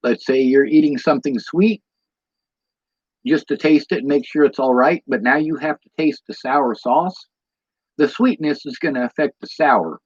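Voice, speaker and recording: A man's voice: mid-range voice, moderate pace, breathy edge, dry recording. Tired, rambling Midwestern man on stream. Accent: American Midwest. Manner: meandering, goes off on tangents, many ums. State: tired from lack of sleep. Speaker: livestreamer answering chat. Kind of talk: rambling casual livestream talk. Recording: dull lo-fi stream audio.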